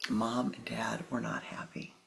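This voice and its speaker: A spiritual teacher giving a sermon and telling a story slowly and softly, at times in a whisper. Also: mid-range voice, flat delivery, gravelly, slight background noise, poor audio. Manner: slow, soft, partly whispered.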